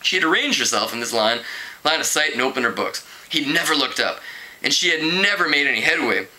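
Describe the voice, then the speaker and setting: A man's voice: animated, a little fast, sharp tone, low-quality recording. A man reading a teen novel aloud casually, stumbling over words, correcting himself and laughing at the story. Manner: voices characters with raised pitch. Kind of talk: casual read-aloud narration.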